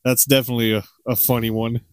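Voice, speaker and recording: This podcast co-host, a middle-aged man, talks fast in a smooth, medium-pitched voice. His unscripted, casual chatter wanders, full of chuckles and lively impressions. The studio recording is clean, with no echo.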